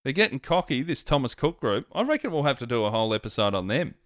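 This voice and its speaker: A man's voice: mid-range voice, very animated, fast talker. A man, co-hosting a podcast, throwing in mocking quips and laughing often. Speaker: podcast co-host. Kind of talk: comedic banter.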